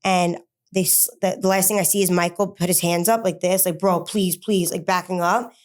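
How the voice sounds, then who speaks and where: A woman, an interview guest, recounting a personal story in a halting way, with many fillers and restarts and rushed bursts of words. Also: on the low side, fairly even intonation.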